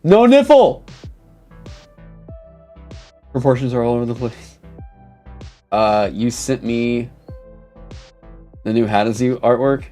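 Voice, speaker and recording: A young man streaming casually, reading chat aloud and reacting with animated, swear-filled mock outrage. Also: mid-range voice, unhurried, long pauses, faint music behind.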